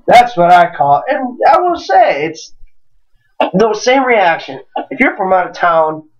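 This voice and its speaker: A man's voice: high-pitched, big pitch swings, measured pace, rough recording. A young man from Wisconsin, hosting a podcast, tells a rowdy drinking story in casual, profane chat, with sudden jumps into quoted voices. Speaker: podcast host.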